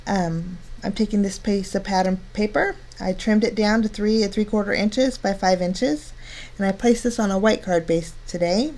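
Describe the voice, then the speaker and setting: A woman's voice: mid-range voice, normal speed, darkish tone. A woman narrating a card-making tutorial, chatty and step-by-step, delighted with her work.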